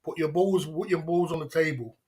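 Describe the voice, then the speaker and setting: A man's voice: a little high, fairly quick, darkish tone. A man hosting a livestream, taunting and challenging his chat in a repetitive, mocking way with frequent laughs. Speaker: livestream host.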